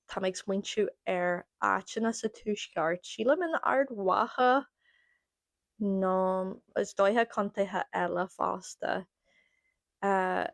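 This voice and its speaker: A chatty Irish woman hosting her own podcast, talking casually and repeating words to show how she says them. Her voice sits at an ordinary middle pitch for a woman. The sound is close and dry, with no room around it. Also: gravelly, no echo. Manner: chatty, demonstrating word pronunciations. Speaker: podcast host. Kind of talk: casual chat.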